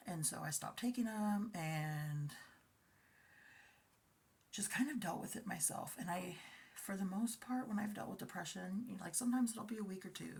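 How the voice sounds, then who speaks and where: A woman in her forties talks through a personal confessional vlog, her voice low and gravelly with a husky edge. She speaks softly and haltingly, often dropping toward a whisper. She sounds emotional and close to tears. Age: 40s. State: emotional, tearful at times. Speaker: vlogger.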